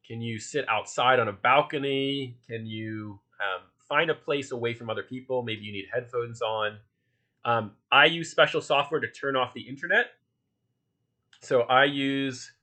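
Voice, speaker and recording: Speaking in a mid-range, bright and forceful voice, a male instructor with a Philly accent teaches a casual online workshop. He keeps it chatty and loose, with plenty of fillers and restarts.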